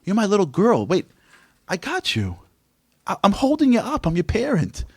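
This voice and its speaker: A man's voice: high-pitched, wildly swooping pitch, normal speed, darkish tone, slightly rough, dry recording, voice pushed up, heavily acted. A man voicing God as a loving, exasperated parent who pleads with rising emphasis. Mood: pleading.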